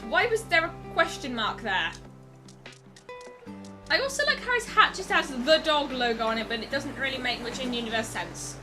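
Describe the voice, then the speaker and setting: A woman's voice: sits high, lively intonation, normal speed, music in the background. Wry, chatty woman doing gameplay commentary. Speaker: let's play host.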